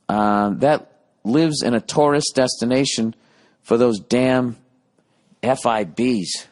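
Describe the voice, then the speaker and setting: In his late forties, this podcast host rambles through a profane, self-mocking comedic rant. His voice is medium in pitch and darkish in tone, and he speaks at a slow pace.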